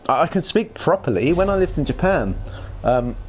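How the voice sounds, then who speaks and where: A man's voice: a little high, big pitch swings, normal speed, a little mellow, a little hiss or hum. A man with a Kentish accent who mumbles a lot, rambling casually while he streams a video game. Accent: Kentish English. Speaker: gaming streamer.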